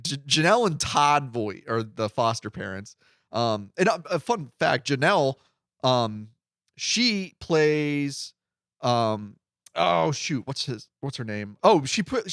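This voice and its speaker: A man's voice: mid-range voice, slow, no echo, clean studio sound. A man co-hosting a casual podcast, rambling and acting out quotes as he talks. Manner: rambling, animated, acts out quotes. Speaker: podcast co-host.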